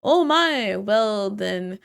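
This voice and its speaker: A woman voicing a theatrical, haughty water goddess in a put-on French accent, with drawn-out, showy delivery. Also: medium pitch, animated, gravelly, a bit bright, dry recording, studio quality, exaggerated voice.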